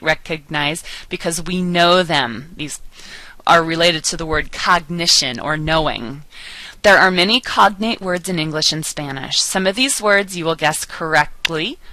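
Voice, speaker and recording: A woman giving a recorded lecture as a language teacher, patient and explanatory, slowing down to enunciate example words clearly. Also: low-pitched, sharp tone, dry recording, rough recording. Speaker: Spanish teacher.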